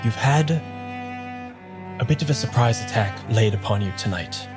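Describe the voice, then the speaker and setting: A man voicing a stiff, calculating gentleman lieutenant who speaks formally and deliberately. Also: fairly low pitch, lively intonation, music in the background, pitched below the performer's own voice, close to an everyday voice. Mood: scheming. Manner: formal, measured and scheming.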